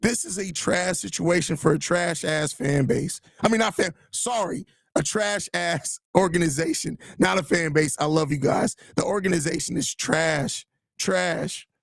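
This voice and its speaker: Reacting to chat on a live sports podcast, a Chicago-area host rants in frustration, swearing often and returning to the same phrases. His fairly high voice has a gravelly rasp and he speaks unhurriedly. The recording is close and dry, with no room sound.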